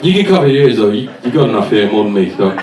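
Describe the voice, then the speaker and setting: Profane stand-up comedian, crowd laughing. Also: male voice, medium pitch, very animated, rapid-fire. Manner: profane, teasing the audience. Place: comedy club stage. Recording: echoey club, distant mic, loud audience.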